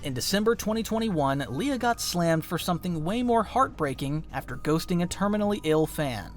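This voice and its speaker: A man's voice: high voice, expressive, normal speed. A man reading a scripted documentary narration in a dramatic, emphatic way. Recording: faint music underneath.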